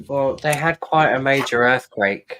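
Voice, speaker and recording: A man's voice: medium pitch, measured pace, crowd noise. A man chatting as a guest on a casual livestream, passing on news in a matter-of-fact way. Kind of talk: casual group livestream chat. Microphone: video call.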